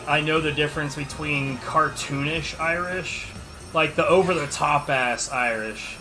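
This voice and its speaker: A man's voice: a little high, a little slow, bright, forceful tone. A man streaming a game, chatting casually and answering viewers' questions in an offhand, sarcastic way. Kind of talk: casual livestream chat while gaming. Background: game music.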